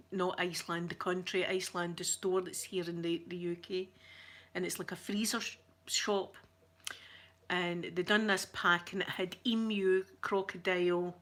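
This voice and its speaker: A middle-aged woman with a Scottish accent, chatting to a livestream audience in a rambling, giggly storytelling way with soft asides. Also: fairly low pitch. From Scotland. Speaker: ASMR channel host.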